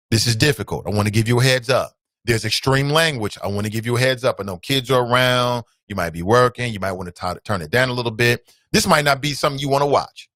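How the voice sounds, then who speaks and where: A man's voice: mid-range voice, fairly bright tone, no echo. A male talk show host speaking earnestly and directly to his audience, whom he calls family. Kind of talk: casual commentary.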